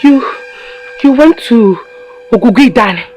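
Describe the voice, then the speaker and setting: An actress playing Esther, a wronged young wife who swears an oath and later raves in madness, over film music. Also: female voice, a little high, expressive, normal speed, darkish tone, close to an everyday voice. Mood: raving. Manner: pleading then raving, agitated. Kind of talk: Nollywood drama acting.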